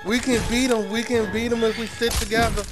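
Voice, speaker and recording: A man talking live to his teammates while gaming, excitable and panicky, joking and swearing a lot. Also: extremely high pitch, brisk. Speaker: gamer. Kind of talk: live gameplay chat with teammates. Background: game music.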